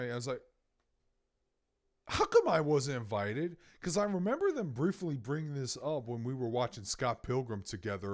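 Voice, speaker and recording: A man in his thirties from Louisiana, a podcast co-host telling an animated, profane story in casual chat. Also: mid-range voice.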